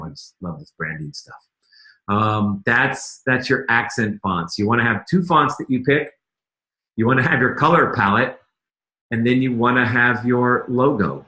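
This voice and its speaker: A man with a lowish voice teaches a casual screen-share lesson, chatting loosely and breaking off his own sentences. His voice sits in a roomy, echoey space. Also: pushed and bright. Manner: chatty, self-interrupting, many fillers. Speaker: marketing instructor.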